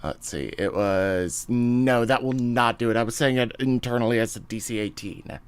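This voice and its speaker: A man's voice: medium pitch, moderate pace, clear, resonant tone. Man running a tabletop game. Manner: relaxed, thinks aloud with fillers. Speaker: game master. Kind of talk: narrating and ruling a tabletop game.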